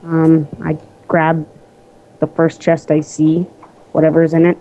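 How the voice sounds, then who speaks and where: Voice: medium pitch, completely flat delivery, slow pace, warm tone, slight background noise. A friend chatting casually over a call during gameplay, laid-back, slangy and teasing. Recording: muffled lo-fi call audio.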